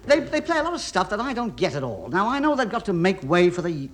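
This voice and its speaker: A man's voice: high voice, very animated, quick pace. A man on a comedy radio panel, wisecracking and laughing often. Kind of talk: radio panel show banter. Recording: noisy 1960s radio broadcast. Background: loud live audience.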